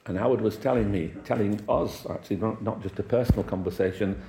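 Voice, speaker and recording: Middle-aged male preacher from Wales, low voice, chatty anecdotal sermon, echoey church. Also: fast talker, vocal fry, noisy background. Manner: conversational, anecdotal with chuckles and acted quotes. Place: church hall.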